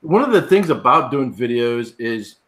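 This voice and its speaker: A man's voice: mid-range voice, sing-song, moderate pace, fairly bright tone. A man co-hosting a casual live chat, explaining his views at length and often agreeing with "right". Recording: echoey room.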